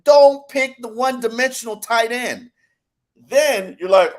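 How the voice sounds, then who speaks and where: A podcast columnist with a very high-pitched voice rants with exasperation on a sports podcast, speaking unhurriedly. He repeats words as he gets worked up in this heated sports rant.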